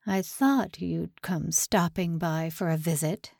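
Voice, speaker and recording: A woman's voice: lowish voice, slow pace, creaky, a little mellow, no room sound, clean studio sound, heavily acted. A woman narrator voicing a stern, cold male general who talks curtly and dismissively. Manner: curt, dismissive, unmoved.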